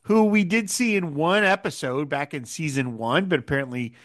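A man's voice: a little high, normal speed. A man hosting a casual podcast chat, recapping a TV episode and acting out the quoted lines with frequent laughs. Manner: animated, acts out quoted lines, laughs often. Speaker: podcast host.

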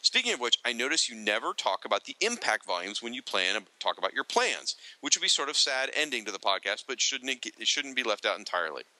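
A man's voice: mid-range voice, big pitch swings, quick pace, hardly any pauses, pushed and bright, dry recording, low-quality recording. A man co-hosting a podcast, reading listener feedback aloud with joking asides to the listeners. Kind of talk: casual podcast chat.

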